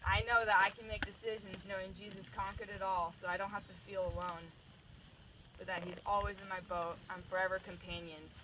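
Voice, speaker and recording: A young woman in her twenties giving an earnest personal faith reflection, often pausing with ums. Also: medium pitch, little pitch movement, far from the mic. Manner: earnest, hesitant with frequent ums. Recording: noisy background recording.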